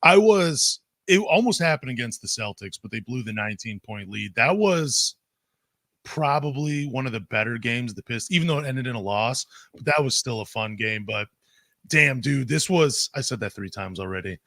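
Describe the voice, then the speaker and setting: A man co-hosting a basketball podcast, talking in an excitable, animated way that swings between loud bursts and quieter asides. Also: mid-range voice, normal speed, vocal fry, no echo, studio quality. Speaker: podcast co-host. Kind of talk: casual sports podcast chat.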